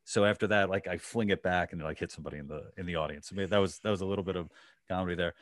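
A man with a fairly low voice hosts a podcast and tells a long, rambling anecdote. He stops and restarts his sentences a lot, and fills the gaps with fillers. The sound is dry and close. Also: rapid-fire, no echo. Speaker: podcast host. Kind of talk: casual podcast chat.

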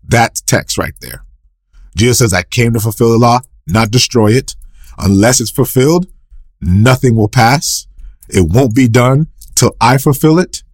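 A man's voice: a little slow, no room sound, studio quality. Man preaching a questioning sermon. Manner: asks and answers his own questions, repeats scripture quotes; rises sharply in pitch and volume for emphasis. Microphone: recorded for a podcast.

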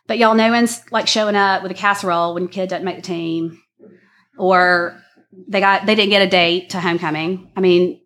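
A woman's voice: lowish voice, steady tone, moderate pace, fairly bright tone. A woman, earnestly sharing a personal faith story in a chatty way, full of "like" and "y'all". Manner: chatty and earnest, many fillers, says y'all. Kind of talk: personal testimony talk.

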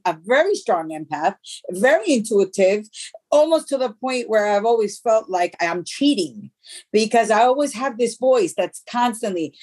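A middle-aged woman, a guest in an interview, speaking earnestly and haltingly about her grief, with many restarts. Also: medium pitch, a little mellow. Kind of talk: emotional personal interview.

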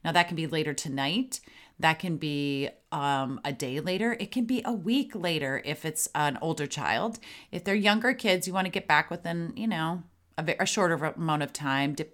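A woman's voice: low-pitched, fairly bright tone. A middle-aged woman hosting a parenting podcast, talking casually and acting out sample phrases for parents to say to their kids. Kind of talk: casual advice monologue.

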